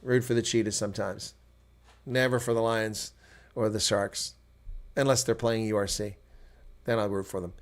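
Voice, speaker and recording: An American man giving live reaction play-by-play commentary, chatty with viewers and breaking into loud shouts at big plays. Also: on the low side, fairly even intonation, normal speed, long pauses. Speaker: host.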